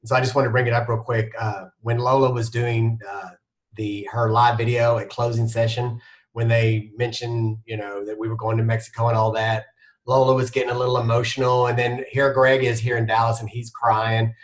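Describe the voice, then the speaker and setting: A man hosting a team video call, talking in a relaxed, chatty way with small stumbles. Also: medium pitch, moderate pace. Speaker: call host.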